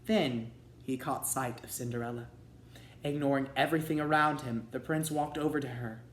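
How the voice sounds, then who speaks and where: Guy reading a kids story out loud, echoey room. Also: mid-range voice, steady tone, moderate pace, a little hiss or hum. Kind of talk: read-aloud storybook narration. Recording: roomy echo.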